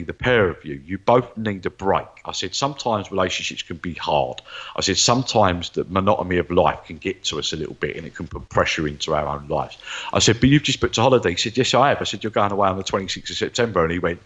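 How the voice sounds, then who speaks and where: A man's voice: low-pitched, lively intonation, quick pace, a bit bright, lo-fi sound. A man, a guest psychic medium, telling stories animatedly and acting out the voices of the people he quotes. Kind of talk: storytelling interview chat.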